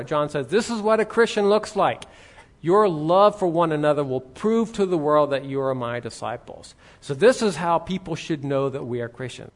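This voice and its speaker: A man preaching a sermon as a pastor, teaching conversationally and reading scripture aloud. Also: fairly high pitch.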